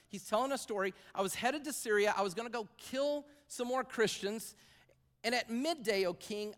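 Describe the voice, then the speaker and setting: Male pastor, high voice, conversational sermon, long church-hall reverb. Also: fairly bright tone. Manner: conversational preaching with asides and repetitions. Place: church sanctuary.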